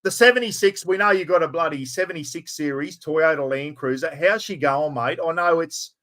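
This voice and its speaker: A man's voice: a little high, fairly quick, bright, forceful tone. An Australian man hosting a podcast, talking in a laid-back, casual way and swearing now and then. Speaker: podcast host. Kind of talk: casual chat.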